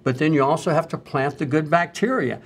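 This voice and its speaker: Man, middle-aged, physician, health talk, storytelling, animated quotes. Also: fairly high pitch, a little fast. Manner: storytelling, animated when quoting others. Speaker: physician host.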